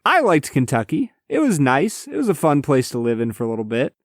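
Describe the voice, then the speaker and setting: A man's voice: mid-range voice, wildly swooping pitch, a little fast, dry recording, clean studio sound. Laid-back man, casual podcast co-host. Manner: laid-back, reflective, uses "man" and "dude". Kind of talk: casual chat.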